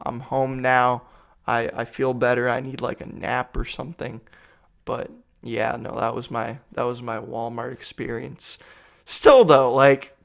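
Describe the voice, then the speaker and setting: A man's voice: medium pitch, vocal fry. A young man telling a rambling, profane story about a store trip, sounding tired and exasperated. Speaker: vlogger. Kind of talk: rambling comic rant.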